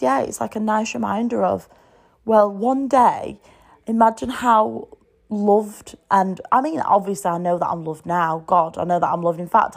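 A woman's voice: medium pitch, creaky. A woman in her thirties with a British English accent, hosting a casual solo podcast from home, chatty and frank, swearing freely. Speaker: podcast host.

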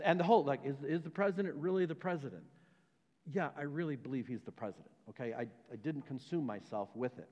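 A man's voice: medium pitch, big-room sound. A man, a pastor, preaching a conversational sermon with many rhetorical questions and repeated words. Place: church sanctuary.

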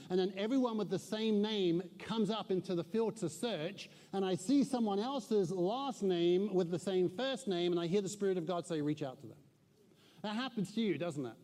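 A man preaching a sermon as pastor, telling stories and dropping to a hushed voice at tense points. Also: high-pitched. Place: large church hall with a live congregation. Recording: long hall reverb.

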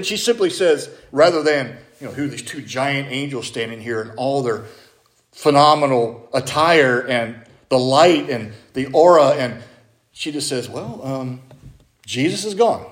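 A man's voice: medium pitch, animated, normal speed. A middle-aged man, a pastor, preaching a sermon in a chatty way and putting questions to his congregation. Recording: echoey church room.

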